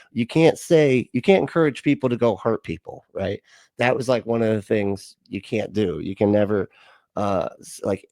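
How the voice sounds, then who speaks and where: A man's voice: on the low side, darkish tone, dry recording. A man hosting a reaction video, mocking a clip with sarcasm, laughter and exaggerated mimicry.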